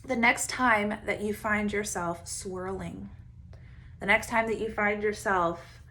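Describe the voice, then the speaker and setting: A woman coach giving casual self-help advice, animated and quick to laugh as she acts out her own inner voice. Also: medium pitch, slight background noise. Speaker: Enneagram coach, podcast host.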